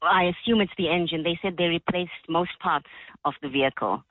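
A woman's voice: fairly low pitch, a little fast, dry recording. A woman phones in to a radio show, upset and emotional as she lays out her complaint. Her voice comes through a thin, tinny phone line. It sounds close and dry. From South Africa. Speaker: caller.

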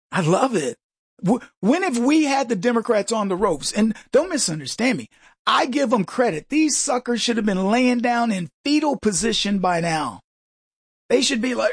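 Male talk radio host, husky and dry, mocking, animated monologue. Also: very high voice, measured pace, dry recording. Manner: mocking, animated, acts out voices and laughs.

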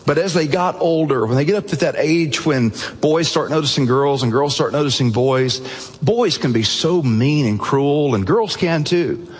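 A man preaching a sermon, telling a story earnestly and dropping low and soft at the emotional moments. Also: normal speed, breathy edge, in a large hall. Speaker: pastor.

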